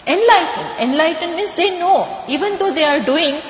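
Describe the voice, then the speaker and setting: A woman's voice: extremely high pitch, normal speed, fairly bright tone. A woman with an Indian accent giving a scripture lecture as a spiritual teacher, explaining patiently and repeating key words for emphasis. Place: lecture hall. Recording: echoey hall, faint ambience.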